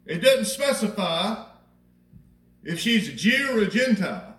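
This pastor's sermon is very animated and unhurried, his high voice a bit bright as he chats with the congregation, poses rhetorical questions, and repeats himself to drive points home. He sounds far from the microphone, his words ringing around the spacious, echoey sanctuary.

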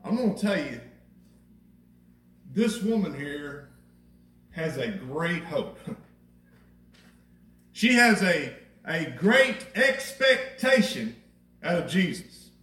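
High-voiced preacher in an echoey church. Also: male voice, very animated, slow pace, long pauses, pushed and bright. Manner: conversational preaching, rhetorical questions, repeats phrases. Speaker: pastor. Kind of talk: sermon. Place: church sanctuary. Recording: echoey church from a distant mic.

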